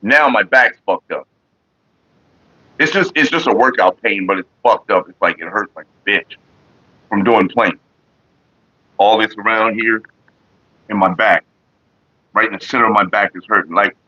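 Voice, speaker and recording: A man's voice: on the low side, animated, moderate pace, long pauses, pushed and bright, breathy edge. A man hosting a casual livestream, rambling and swearing freely while greeting viewers in the chat, on a headset mic. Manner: laid-back, profane and rambling. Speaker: livestream host. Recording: slightly dull lo-fi audio.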